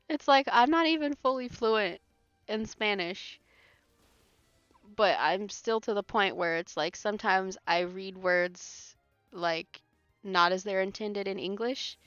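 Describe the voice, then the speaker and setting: A woman's voice: mid-range voice, slow pace, pauses often, fairly bright tone, clear, resonant tone, no echo. A woman chats loosely while she plays a game on stream, her talk full of fillers and frequent laughter. The recording is dry and a little muffled, with faint music underneath. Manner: laughs often, rambling with many fillers. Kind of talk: casual chat while playing a game live.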